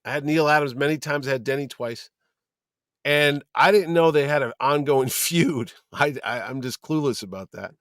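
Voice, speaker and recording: A middle-aged man, a convention producer, telling lively anecdotes as a guest and acting out the people he quotes. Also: a little high, moderate pace, dry recording, clean studio sound. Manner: lively storyteller who acts out quoted people. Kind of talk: casual podcast chat, anecdotes.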